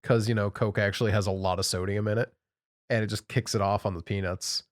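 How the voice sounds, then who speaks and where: A man's voice: on the low side, steady tone, fast talker, dry recording, clean studio sound. A man co-hosting a podcast in casual chat, telling easygoing anecdotes. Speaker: podcast co-host.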